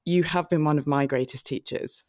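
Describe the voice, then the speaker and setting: Woman, podcast host, low voice, gushing and effusive, dry close sound. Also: steady tone, brisk, a little mellow, no room sound. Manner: effusive, laughing, tearful at times. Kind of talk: gushing interview introduction.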